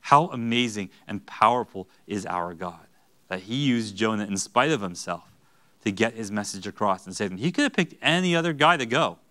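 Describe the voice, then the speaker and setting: A man preaching a sermon in a church sanctuary, his pitch leaping up and down as he jokes and acts out quotes. His voice is bright and forward. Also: moderate pace. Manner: animated, joking asides and acted-out quotes. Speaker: pastor.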